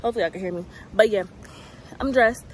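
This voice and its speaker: Young adult woman, casual daily vlogger, chatty and relaxed, close to the mic. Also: medium pitch, fast talker, background noise. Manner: chatty, loose, lots of "um" and "y'all". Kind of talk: casual vlog chat. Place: at home, then out running errands. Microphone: phone or camera held close.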